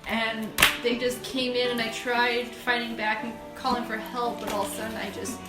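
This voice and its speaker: Brief: woman playing a scared, shaken young woman, quiet voice, roomy room, music under it. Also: fairly high pitch, flat delivery, normal speed, recorded from a distance, close to an everyday voice. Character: frightened young woman just revived.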